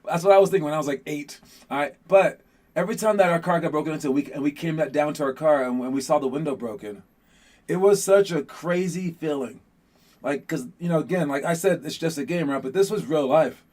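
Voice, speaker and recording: A man hosting a casual motivational talk on a podcast, rambling and animated with lots of fillers, who grew up in Los Angeles. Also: a little high, fairly quick. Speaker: podcast host.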